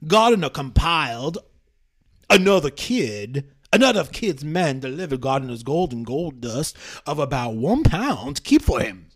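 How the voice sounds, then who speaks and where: A man putting on the voice of an old southern gentleman, reading aloud old testimony in a slow drawl. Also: a little high, very animated. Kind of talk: dramatic reading in a podcast.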